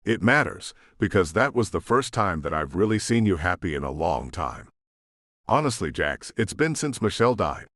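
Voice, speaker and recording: A man's voice: low-pitched, very animated, normal speed, a bit bright, no room sound, clean studio sound. A man narrating an audiobook voices a blunt, insistent middle-aged mother who presses her son for answers.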